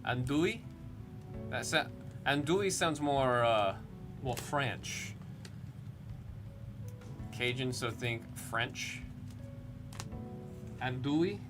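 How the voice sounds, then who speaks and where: A man hosts a live card-opening stream in an expressive, medium-pitched voice, drawing out words and leaving long pauses. Background music runs under his voice as he rambles casually and announces each card he pulls.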